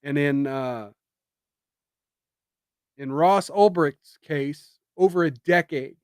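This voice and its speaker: Guy on his stream ranting, kinda high voice, sarcastic and punchy, dry close sound. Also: slow pace, dry recording. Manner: sarcastic, emphatic, rising to indignant jabs. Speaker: streamer and commentator. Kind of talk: political commentary rant.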